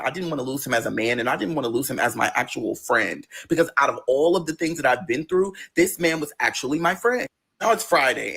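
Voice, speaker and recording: Fast-talking husky man telling a story. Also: mid-range voice, fairly bright tone. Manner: profane, dramatic, acts out dialogue. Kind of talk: casual storytelling.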